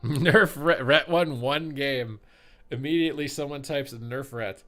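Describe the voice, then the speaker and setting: A man's voice: medium pitch, measured pace, soft background music. A man casting a live esports broadcast, chatting with the stream chat and calling the action play by play. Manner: excitable, chatty, reads out chat. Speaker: esports caster. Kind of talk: live game commentary.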